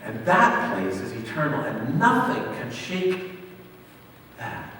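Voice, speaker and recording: A man, a pastor, preaching a sermon with dramatic swings between loud emphasis and near hush. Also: on the high side, wildly swooping pitch, slow, a little hiss or hum. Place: church hall. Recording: echoey hall, mic far off.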